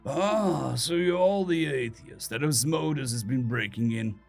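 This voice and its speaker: A man's voice: medium pitch, measured pace, vocal fry, faint music behind. A man doing a sibilant, seductive fallen angel king. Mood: haughty. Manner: languid and haughty, formal old-fashioned phrasing. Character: bored, seductive male fallen angel ruler, haughty and menacing.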